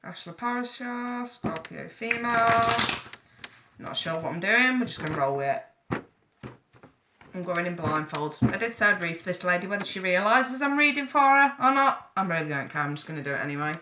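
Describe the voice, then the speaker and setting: A woman's voice: medium pitch, lively intonation, fairly quick, noisy background. A woman giving a live-streamed tarot reading, chatty and frank, calling viewers darling and sweetheart. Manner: blunt, frank advice with swearing. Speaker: tarot reader.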